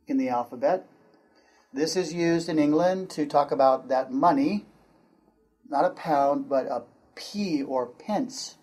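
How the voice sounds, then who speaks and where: An American man teaches an English pronunciation lesson, repeating words slowly and clearly for learners to copy. His voice is a little high and a little mellow.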